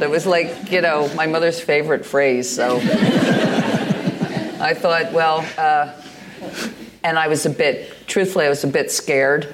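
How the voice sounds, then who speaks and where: An American poet and artist in her sixties speaks as a guest in a live conversation on a venue stage before an audience, her stories meandering and hesitant, full of fillers and restarts. Her low voice keeps a steady tone, unhurried and with long pauses. A crowd can be heard behind her.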